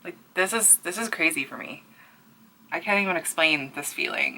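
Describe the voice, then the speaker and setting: A young Canadian woman with a Newfoundland accent talks to her viewers from home. Her voice is bright and sits a little low, and she is breathless and overwhelmed, sighing often and sometimes sinking to a near-whisper. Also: normal speed, slight background noise. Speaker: crochet artist and small business owner. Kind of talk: excited casual vlog.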